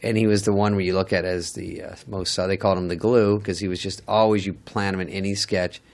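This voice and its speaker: A middle-aged man with a fairly low voice, telling stories in a dry, wry, self-deprecating way. He is a guest comedian in a casual chat. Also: level tone, quick pace. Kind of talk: casual storytelling with acted quotes.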